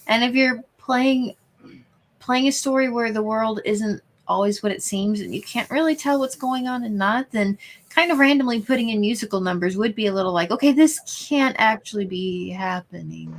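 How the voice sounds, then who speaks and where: A woman in a relaxed conversation, speaking in a somewhat high, measured voice. She takes her time with her points. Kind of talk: casual chat.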